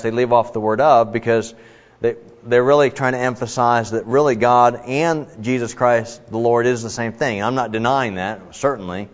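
A man's voice: mid-range voice, steady tone, normal speed. Guy teaching bible study, chatty and rambly, lots of ums, kinda muffled and echoey. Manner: chatty, rambling, self-deprecating, many fillers and restarts. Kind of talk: casual Bible study lesson. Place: work-from-home setting. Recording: dull lo-fi sound with long reverb.

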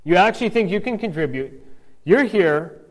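A man's voice: high-pitched, lively intonation, moderate pace, long reverb tail. A man reading a Bible passage aloud and explaining it, often repeating words as he restarts and checking in with "right?". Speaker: Bible teacher.

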